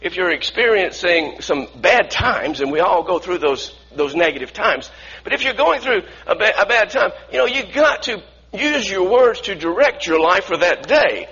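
A man's voice: high voice, sing-song, moderate pace, pushed and bright, breathy edge, dull audio. A man preaching a sermon earnestly, often restarting phrases and asking the congregation to repeat lines after him.

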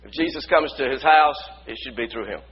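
A male pastor preaching a sermon, building from quiet storytelling to shouted praise. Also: mid-range voice, brisk, husky, muffled recording.

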